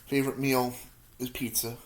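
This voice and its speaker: A man's voice: mid-range voice, flat delivery, moderate pace. A man in his thirties, answering viewer questions in a rambling, self-deprecating way while eating hot peppers, sometimes with his mouth full. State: mouth full, feeling spicy heat.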